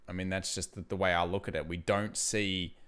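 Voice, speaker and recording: Smooth-voiced man, casual market chat. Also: low-pitched, steady tone, a little fast, fairly bright tone. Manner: casual, chatty, laughs easily; thinks aloud with restarts. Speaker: livestream host. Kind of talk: live market commentary.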